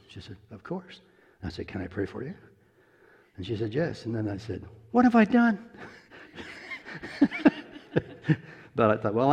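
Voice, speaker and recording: A man's voice: fairly low pitch, creaky, breathy edge. A man preaching a sermon, telling a story in a folksy, chuckling way. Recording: long echo of a large hall.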